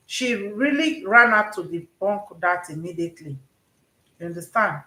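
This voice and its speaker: A woman's voice: mid-range voice, lively intonation, normal speed, pushed and bright. A woman with a Nigerian accent giving casual, rambling commentary and often checking that listeners understand. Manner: rambling, repeats herself, asks "you understand?". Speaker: commentary vlogger. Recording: roomy echo.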